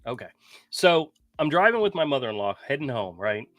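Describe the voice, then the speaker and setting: A man telling a story in a casual podcast chat, animated and swearing freely. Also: mid-range voice, fairly quick, no room sound, muffled recording, soft background music. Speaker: podcast co-host.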